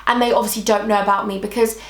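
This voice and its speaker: A woman's voice: medium pitch, level tone, very fast, a bit bright. A British woman in her twenties telling a storytime vlog, emotional and chatty, full of "like" and repeated phrases. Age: 20s. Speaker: vlogger. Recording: echoey room.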